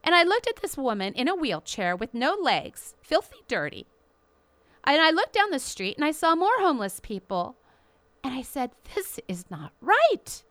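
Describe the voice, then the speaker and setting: A woman hosting a show, delivering an impassioned, indignant commentary with emphatic, drawn-out stresses. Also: sits high, sing-song, a bit bright, no room sound. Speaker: radio show host.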